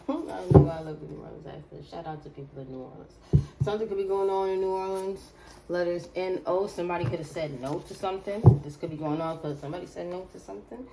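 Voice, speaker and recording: A woman's voice: fairly low pitch, very noisy. Slangy woman doing a tarot reading. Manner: slangy, drawn-out repetitions. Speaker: tarot reader.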